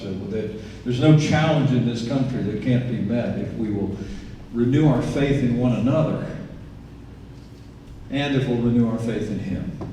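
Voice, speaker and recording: Here the same sort of speaker, an Indiana man in his sixties, tells earnest, folksy stories during a campaign speech in a big indoor venue. He has a medium-pitched voice with a dark tone, and the distant mic in the echoey hall adds a little hiss or hum.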